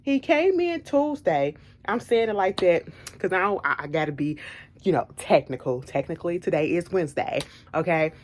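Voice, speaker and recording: A woman chatting to her viewers in a casual storytelling vlog, low-ish voice. She is animated and emphatic, driving her points home by repeating them. Her delivery is blunt and unfiltered. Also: fairly quick. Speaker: vlogger.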